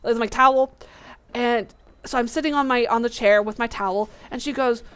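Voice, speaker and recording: A woman hosting a gaming video, telling a personal story in a casual, animated way and acting out her own past lines. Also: fairly high pitch, a little fast, clear, resonant tone. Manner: animated, acts out her past self in quotes. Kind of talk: casual storytelling over gameplay.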